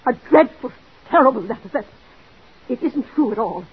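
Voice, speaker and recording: A desperate jealous wife. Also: female voice, on the high side, expressive, moderate pace, slightly rough. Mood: pleading. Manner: pleading, overwrought, breathless. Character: desperate jealous married woman, Mrs. Bradley. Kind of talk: 1940s radio drama acting. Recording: dull old radio recording.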